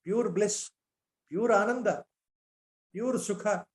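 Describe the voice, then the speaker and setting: A man with an Indian English accent delivers a spiritual lecture, his voice sitting a little high for a man. He repeats rhetorical questions for emphasis and drops Sanskrit terms into his English. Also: slow pace. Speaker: lecturer on scripture.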